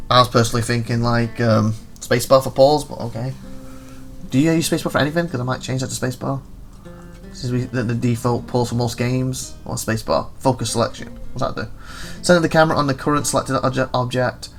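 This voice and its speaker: A man's voice: medium pitch, gravelly. A man hosting a gaming video, rambling and thinking aloud as he reads through game menus. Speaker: gaming channel host. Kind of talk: casual gameplay commentary.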